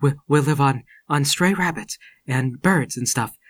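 A man playing a tabletop game, excitable and quick to laugh. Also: mid-range voice, dry recording. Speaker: player. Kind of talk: casual game chat.

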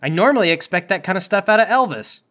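A man's voice: sits high, lively intonation, fast talker, fairly bright tone. A man running a tabletop game as game master, with dry, wry remarks. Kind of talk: tabletop game narration and banter.

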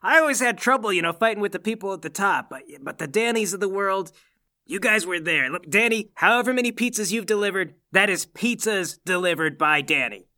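Guy playing an old-school superhero, chill and fatherly, real bright voice. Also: sits high, animated, brisk. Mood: encouraging. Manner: easygoing, encouraging, fatherly. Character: veteran male superhero, gruff but kind mentor.

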